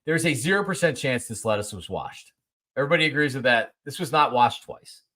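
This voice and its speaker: A brisk, mid-range voice belongs to this forties-aged podcast host telling a story. The monologue is casual and animated, with repetition as he plays out both sides of a conversation.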